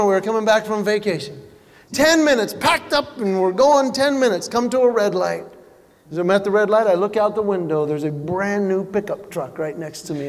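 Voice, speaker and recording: A man's voice: sits high, big-room sound. A middle-aged man performing a stand-up comedy routine, telling stories and jumping into exaggerated voices for punchlines.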